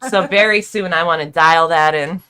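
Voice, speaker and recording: A woman's voice: low-pitched, moderate pace, sharp tone, smooth. A woman hosting a casual live stream, upbeat and slangy, laughing often. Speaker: stream host.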